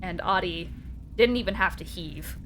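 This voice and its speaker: A woman's voice: on the low side, moderate pace, a bit bright, slight background noise. A young woman narrating as game master in a casual way, with lots of laughter and fillers.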